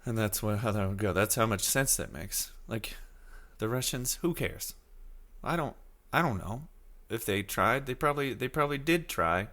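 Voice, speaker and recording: A slightly bright-voiced man in his thirties hosts a casual solo podcast. He wanders from topic to topic, reacts to his chat, and slips into high, silly voices from time to time to quote people.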